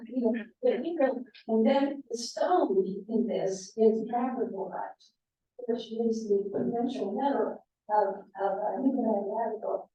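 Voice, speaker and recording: A woman's voice: on the high side, measured pace, mellow, dull audio. Guest speaker, woman, American, rambling and chatty, recorded far from the mic. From United States. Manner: chatty storyteller, many fillers. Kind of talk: anecdotal talk to a club. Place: club meeting room. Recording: echoey room, voice from far off.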